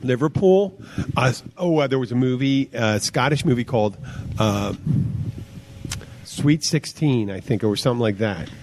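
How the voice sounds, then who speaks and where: A man's voice: mid-range voice, moderate pace, darkish tone. A man co-hosting a casual podcast chat, rambling and trailing off with fillers. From United States. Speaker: podcast co-host.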